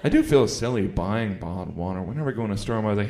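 Animated stand-up comic man from Indiana. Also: low voice, fast talker, few pauses, slight background noise. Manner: animated, slipping into put-on character voices. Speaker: stand-up comedian. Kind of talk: stand-up comedy routine. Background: audience laughter.

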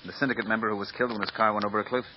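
A man playing a brisk, businesslike police lieutenant. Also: on the low side, steady tone, lightly acted. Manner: matter-of-fact, businesslike. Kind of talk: 1950s radio drama acting. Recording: muffled old radio recording with hiss.

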